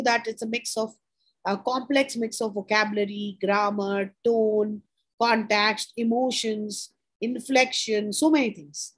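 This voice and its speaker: A woman teaching an informal lesson, explaining in short repeated phrases, checking in with "right?" and pausing on "uh". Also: on the high side, breathy edge, poor audio. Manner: pauses with frequent "uh". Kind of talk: informal lecture.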